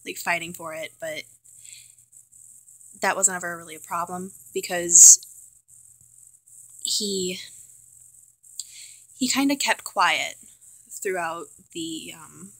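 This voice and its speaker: Chatty young woman with a bright edge. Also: lowish voice, no echo, poor audio. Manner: chatty, filler-heavy, trailing restarts; wry, self-mocking asides. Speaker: student vlogger. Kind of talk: casual film review vlog.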